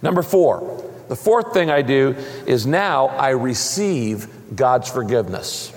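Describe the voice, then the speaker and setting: A man's voice: mid-range voice, lively intonation, slow. A man preaching a sermon as pastor, emphatic, with big swings up and down in his voice. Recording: long reverb of a large hall.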